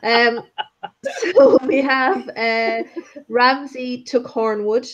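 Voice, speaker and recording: A woman in casual book-discussion chat, talking haltingly with lots of fillers and restarts. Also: a little high, lively intonation, muffled recording.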